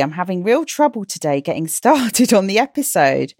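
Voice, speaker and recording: A woman hosting a podcast for children, chatty and gently self-mocking as she encourages her listeners. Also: medium pitch, big pitch swings, moderate pace, few pauses, no room sound, studio quality. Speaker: podcast host and coach for children. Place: at home, in slippers.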